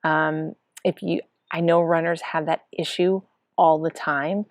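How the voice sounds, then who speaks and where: A middle-aged woman, a triathlon coach, telling the story of her race in an excited, chatty way and acting out what people said. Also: sits low, measured pace, no echo. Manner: excited, breathless storytelling with acted-out quotes. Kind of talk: casual spoken race report.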